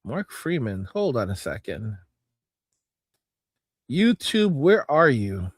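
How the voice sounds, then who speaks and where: A man hosting a casual livestream, reading chat comments and reacting, cursing and repeating himself, with frequent throat clearing. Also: mid-range voice, big pitch swings, slow pace, no room sound, studio quality.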